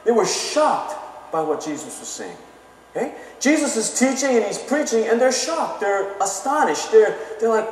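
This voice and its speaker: A man's voice: sits high, very animated, normal speed, slight background noise. Man preaching in an echoey hall. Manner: conversational, keeps asking "okay?". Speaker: pastor. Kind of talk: sermon. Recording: echoey hall, mic from far off.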